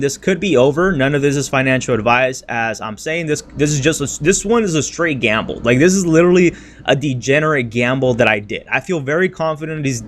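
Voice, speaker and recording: A man's voice: medium pitch, a little hiss or hum. A man streaming about crypto trading, talking in a blunt, slangy, frustrated way and venting about his losses. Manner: blunt and slangy, says "freaking", "bro" and "dude" often. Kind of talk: casual livestream rant and market talk.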